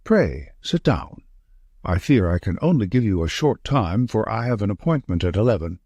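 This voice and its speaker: A man reading the part of a shrewd, dry-witted Victorian detective in an audiobook, measured and emphatic. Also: fairly low pitch, sing-song, a little mellow, breathy edge, dry recording.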